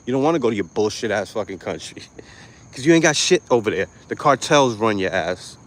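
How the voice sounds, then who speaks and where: A man ranting to camera in a profane, mocking vlog, angry and loud. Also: on the low side, expressive, a little fast. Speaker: vlogger. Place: lives in Florida.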